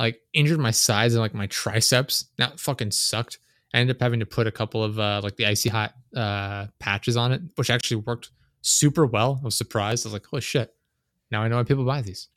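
A young man hosts a podcast, chatting casually and rambling, his talk crammed with "like" and swear words. His voice sits fairly low and a bit bright, recorded on a desk microphone with clean studio sound and no room sound.

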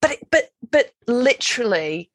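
Lively chatty English woman. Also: a little high, normal speed, no room sound. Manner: chatty storyteller, animated, laughs often. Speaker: podcast co-host. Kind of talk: casual chat.

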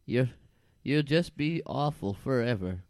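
A man's voice: mid-range voice, lively intonation, a little slow, darkish tone, no echo. A man voicing a disappointed mother who scolds her son in a comedy sketch. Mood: scolding. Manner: cruel and doting by turns.

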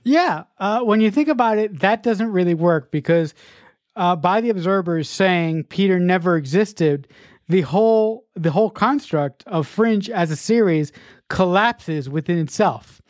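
Role: podcast co-host, writer. Style: casual chat. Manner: reflective, halting, restarts often. Pitch: middle. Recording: dry, close. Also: dry recording.

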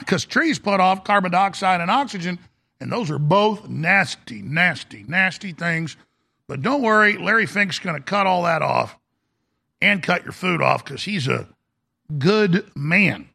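Gravelly, sarcastic ranting talk host. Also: male voice, high-pitched, lively intonation, a little slow, long pauses, bright, forceful tone. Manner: sarcastic, combative. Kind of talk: ranting talk show monologue.

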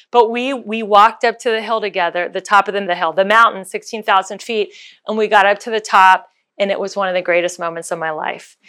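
A woman giving a motivational talk, telling a story with lively acted-out quotes. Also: medium pitch, smooth. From United States. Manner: animated, acts out voices in her story.

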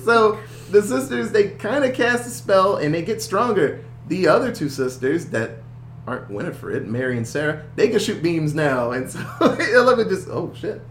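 A man's voice: sits high, moderate pace, echoey room, slight background noise. A man casually recapping a movie, acting out quotes, laughing and swearing as he goes. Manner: animated storytelling with voiced quotes and swearing. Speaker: podcast co-host.

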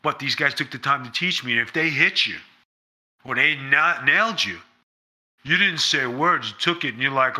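A man's voice: medium pitch, normal speed, pushed and bright. A man being interviewed, talking in a blunt, emphatic way and swearing freely. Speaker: interview guest, former pro wrestler. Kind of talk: casual interview storytelling.

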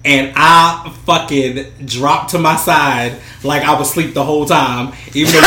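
A man's voice: a little high, lively intonation, takes it slowly, hardly any pauses. A man hosting a podcast in a laid-back, agreeable way, often laughing along. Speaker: podcast host. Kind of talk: casual chat. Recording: roomy echo with faint noise.

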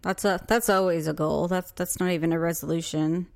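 A woman's voice: on the low side, steady tone, brisk, vocal fry. A middle-aged woman co-hosting a podcast, chatting casually with short, dry, laid-back replies. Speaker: podcast co-host. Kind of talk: casual chat.

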